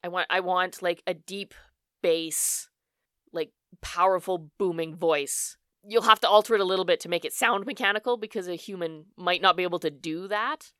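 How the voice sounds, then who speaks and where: An enthusiastic woman co-hosting a casual book podcast, quick to gush over ideas. Her voice is smooth and clear, captured dry and close on the mic. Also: lowish voice, pushed and bright, no echo. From Canada. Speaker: podcast co-host. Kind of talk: casual book club chat.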